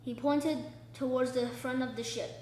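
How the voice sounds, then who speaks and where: A woman's voice: high-pitched, steady tone, moderate pace, darkish tone, echoey room, slight background noise, low-quality recording. A young woman reading a children's book aloud, stopping for chatty asides that explain the story. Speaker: book reader.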